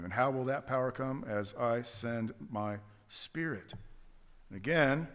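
Emphatic preacher in a reverberant church. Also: male voice, mid-range voice. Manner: emphatic, repeats phrases for stress. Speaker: pastor. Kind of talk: sermon. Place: church sanctuary. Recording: long church hall reverb.

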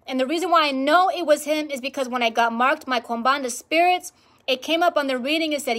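A woman speaking to camera in a vlog, telling a personal spiritual experience in an animated, emphatic way and repeating words for emphasis. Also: high-pitched, brisk. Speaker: spiritual practitioner vlogger.

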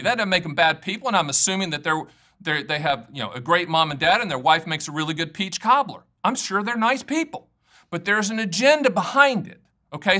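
A bright, high-pitched middle-aged man speaks to camera as host of his own finance show. His delivery is folksy and jokey, with lots of asides, and he reels off long lists of product names one after another. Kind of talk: casual direct-to-camera talk.

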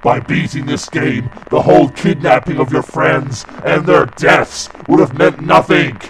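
A man voicing a menacing male skeleton villain who makes slow, drawn-out threats. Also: medium pitch, creaky, very noisy. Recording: loud game sounds and gunfire behind.

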